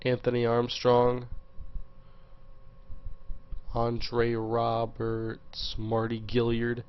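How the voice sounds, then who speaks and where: A man's voice: medium pitch, completely flat delivery, extremely slow, clean tone, highs cut off. A man casually commenting on a live stream, muttering to himself as he browses and reading viewers' questions aloud. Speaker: gaming livestreamer. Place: home.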